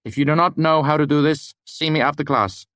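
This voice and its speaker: A man voicing an eccentric, playful male university master who is loud and dismissive, in an audiobook. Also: a little high, brisk, no echo, studio quality, pitched above the performer's own voice, lightly acted. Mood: amused.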